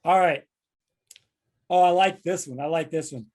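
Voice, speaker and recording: A man's voice: a little high, moderate pace, darkish tone. A man from Kentucky hosting a casual comedic chat, playful and jokey, acting out quotes. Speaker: podcast host.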